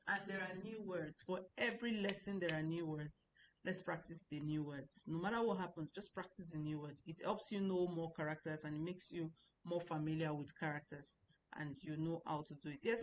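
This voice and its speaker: Low-voiced woman teaching patiently. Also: slight background noise. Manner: patient and repetitive, drilling pronunciation aloud. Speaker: Mandarin Chinese teacher. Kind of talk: explanatory online lesson.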